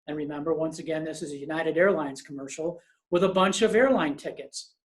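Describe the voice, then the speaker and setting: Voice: medium pitch, a little fast. Emphatic business webinar presenter. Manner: storytelling, emphatic advice to listeners.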